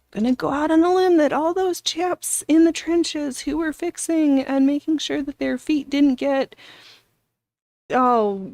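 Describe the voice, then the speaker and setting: A middle-aged woman hosts a relaxed livestream, talking unhurriedly and at length as she chats with her viewers. Her voice sits a little high, and now and then she drops into soft whispered asides. The sound is close and dry, with no room echo. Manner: rambling, chatty, reads and answers viewer chat; slow, drawn-out talk with soft whispered asides. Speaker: livestream host. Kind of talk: casual livestream chat while sewing.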